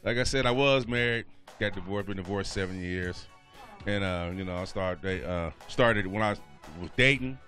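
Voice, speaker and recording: A man's voice: low-pitched, moderate pace, sharp tone, faint music behind. A male comedian telling a loose, slangy stand-up story on a radio show.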